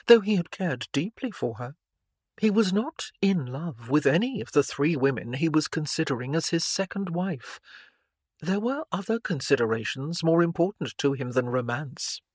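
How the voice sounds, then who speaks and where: A man narrating an audiobook in a measured, even reading style. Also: fairly high pitch, husky, dry recording. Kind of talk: scripted narration.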